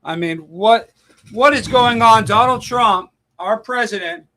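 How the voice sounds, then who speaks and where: A man hosts a late-night call-in stream in an animated, sarcastic way. He riffs out loud as he looks things up and talks with callers. His voice sits a bit high for a man. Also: unhurried, slight background noise. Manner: animated, sarcastic ranting, thinking aloud while searching online. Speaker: call-in show host. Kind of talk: casual live-stream talk.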